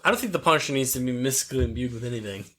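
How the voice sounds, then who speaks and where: A man in a casual podcast chat, his pitch swinging widely and animated as he talks. He is playful and easily amused, trading jokes with his co-host. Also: racing.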